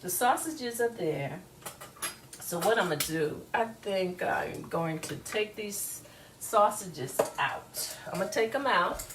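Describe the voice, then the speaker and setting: Woman cooking-show host, folksy, chats to the camera, mid-pitched, frying sizzle clearly audible. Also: lively intonation, takes it slowly, background noise. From US South. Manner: chatty and folksy, talks straight to viewers. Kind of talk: casual cooking demonstration. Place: home kitchen. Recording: loud frying sizzle behind voice. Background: food sizzling in a frying pan.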